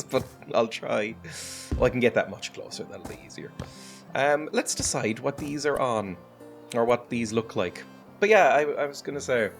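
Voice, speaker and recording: A man's voice: medium pitch, fairly bright tone. An Irish man streaming a game, chatting casually and self-deprecatingly, laughing often and swearing now and then. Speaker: gaming streamer. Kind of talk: casual chat over gameplay.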